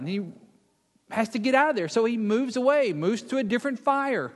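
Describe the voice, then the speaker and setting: A man delivers a sermon with a fairly high voice, retelling scripture as drama. He acts out the speakers in the story and sinks to a hush when he wants to stress a point. His voice rings with the long reverb of a large hall. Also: lively intonation, brisk. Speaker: preacher.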